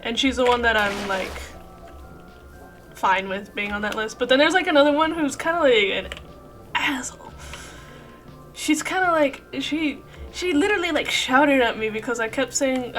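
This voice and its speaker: Woman streamer, rambling casual chat, bright tone, laughs and swears often. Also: high voice, normal speed, faint music behind. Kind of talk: casual chat while playing a game.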